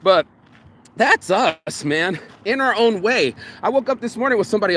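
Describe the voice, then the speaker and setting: A man's voice: high-pitched, normal speed. A man ranting casually in a morning vlog, telling stories with heavy swearing and acting out what other people said. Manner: profane, animated storytelling with quoted voices. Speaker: vlogger. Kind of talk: casual rambling vlog rant.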